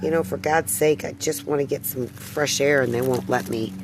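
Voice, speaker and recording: Deep-voiced weary woman vlogging. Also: fairly even intonation, normal speed, noisy background. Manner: weary, distressed, sighing. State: clearing her throat. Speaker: video blogger. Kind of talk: personal vlog monologue.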